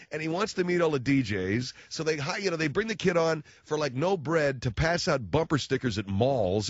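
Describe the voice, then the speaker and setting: A male talk radio host rambles through a joking monologue, his pitch leaping up and down as he riffs. The sound is dry and close, with a dull, muffled broadcast quality. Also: no room sound. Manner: wisecracking, riffing, acts out voices.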